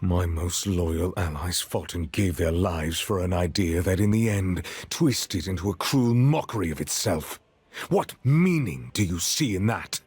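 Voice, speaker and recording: An actor playing a stern, contemptuous ancient male cookie commander in a game, speaking solemnly with a deep husky voice. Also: expressive, unhurried, a little mellow, no echo, heavily acted. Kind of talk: game voice acting.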